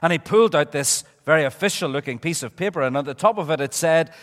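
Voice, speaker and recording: A man giving a children's talk in church, an animated storyteller who asks the children questions. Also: fairly high pitch, quick pace. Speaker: preacher. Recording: echoey church hall.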